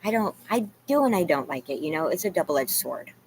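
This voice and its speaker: A woman's voice: lowish voice, sing-song, fairly quick, slight background noise. Rambling, confessional woman vlogger. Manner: rambling, confessional, says "you guys" and "like" a lot. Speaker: vlogger talking to live chat. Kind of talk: emotional casual livestream chat.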